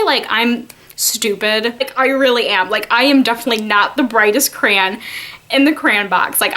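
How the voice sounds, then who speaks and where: A woman's voice: a little high, bright, forceful tone. A young woman vlogger telling a casual storytime, chatty and giggly, with a lot of "like" fillers.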